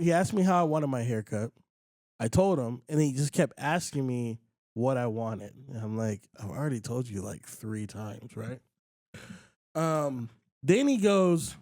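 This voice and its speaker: A man hosting a podcast, telling a story in casual chat, animated and acting out other people's lines, with frequent swearing. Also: medium pitch, unhurried, dry recording, studio quality. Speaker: podcast host.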